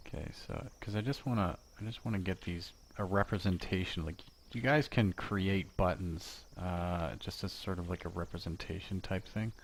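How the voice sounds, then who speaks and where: A man teaching a casual software lesson from home, chatting and joking while he works and talking to himself as he goes. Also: sits low, fairly even intonation, normal speed, hardly any pauses, slight background noise.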